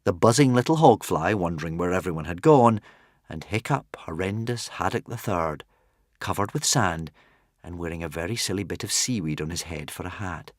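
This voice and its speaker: A man reading a children's adventure audiobook with lively, dramatic expression and playful asides to the listener. His pitch rises and falls a great deal, and the recording is dry and close. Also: normal speed, dry recording. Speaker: audiobook narrator. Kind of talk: expressive storybook narration.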